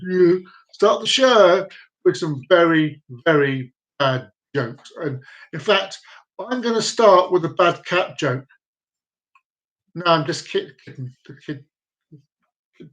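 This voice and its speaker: Host, male, high-pitched voice, chatty and rambling, cracking corny jokes on a home live stream. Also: expressive, takes it slowly, long pauses, a bit bright, rough recording. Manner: jokey, rambling, repeats himself. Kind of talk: casual live-stream chat. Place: downstairs room at home with dogs.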